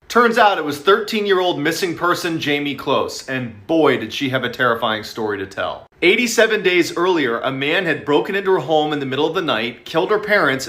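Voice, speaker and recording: Man, scripted narration, dramatic punchy delivery, bright forceful tone, a little high.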